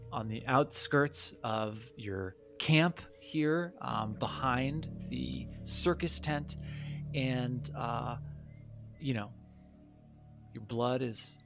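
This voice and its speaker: A man's voice: medium pitch, gravelly, a bit bright, faint music behind. A man narrating as game master in a tabletop game, hesitant with many fillers. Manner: halting, lots of fillers.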